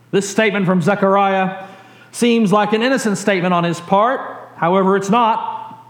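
Man, pastor, sermon, animated storyteller, high voice, echoey hall. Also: normal speed. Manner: animated storytelling with acted-out quotes and chuckles.

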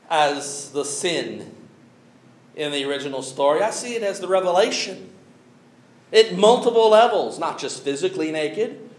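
A male preacher delivering a sermon with a high, lively voice that swoops up and down. He talks slowly, leaning on pauses and breaking into chuckles, and the sound rings in an echoey room. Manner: animated, with chuckles and drawn-out emphatic pauses.

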